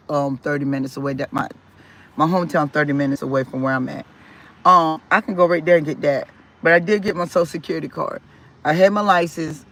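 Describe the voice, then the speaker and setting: Gravelly man telling his story. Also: a little high. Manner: rambling, repeats words and restarts, expressive swings. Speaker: vlogger. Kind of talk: casual personal storytelling.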